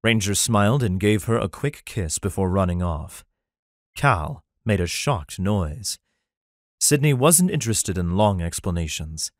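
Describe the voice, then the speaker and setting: A man narrating a fantasy romance audiobook in an even, plain storytelling manner. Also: fairly low pitch, unhurried, dry recording, studio quality. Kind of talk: scripted narration.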